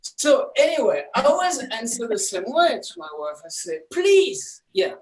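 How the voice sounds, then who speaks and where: French man doing lively stand-up. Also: extremely high pitch, poor audio. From France. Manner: self-deprecating, halting, playful. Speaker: comedy workshop student. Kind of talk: stand-up comedy. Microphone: video call.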